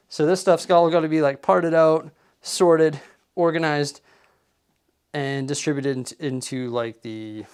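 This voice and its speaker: Man, vlog host, easygoing and chatty, slightly winded, mid-pitched voice. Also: darkish tone. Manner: chatty, laughs at himself. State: out of breath. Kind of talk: casual vlog talk. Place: indoor hobby room.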